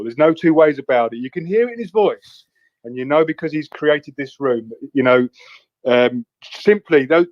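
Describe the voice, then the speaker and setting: A man's voice: a little high, dry recording, dull audio. A man chatting casually as a guest on a live audio show, laughing often and turning earnest. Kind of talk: casual chat.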